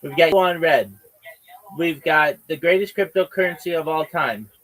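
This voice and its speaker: A man's voice: a little high, moderate pace, a bit bright, rough recording. A man hosting a livestream in casual chat, swearing and using slang as he rambles. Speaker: livestream host.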